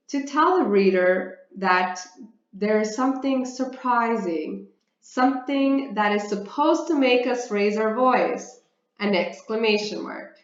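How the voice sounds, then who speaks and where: A woman teacher from Canada works through a grammar lesson at an unhurried pace, asking questions and answering them herself. The recording has a roomy echo and a slightly dull, muffled tone. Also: mid-range voice. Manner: deliberate, explains step by step, often asks and answers her own questions. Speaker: English teacher. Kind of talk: slow, careful grammar lesson.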